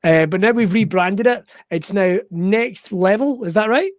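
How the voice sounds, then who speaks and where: Upbeat high-voiced Scottish podcast host. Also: male voice, a little slow, no room sound, studio quality. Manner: upbeat, jokey, showman-like. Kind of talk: lively podcast hosting. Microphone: remote call.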